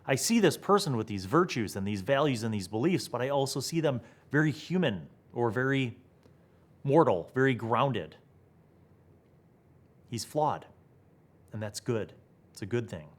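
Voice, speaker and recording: A young man hosting a tabletop gaming talk video, thinking aloud with excitement and asking rhetorical questions. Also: medium pitch, unhurried, long pauses. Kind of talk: animated solo talk to camera.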